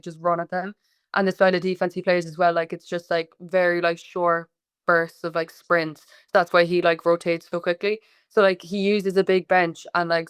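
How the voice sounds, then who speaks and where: Smooth-voiced young Cork Irish woman. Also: lowish voice, no room sound, studio quality. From Ireland. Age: 20s. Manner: chatty, lots of "like" fillers, laughs easily. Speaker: guest, college basketball player. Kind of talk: casual interview chat.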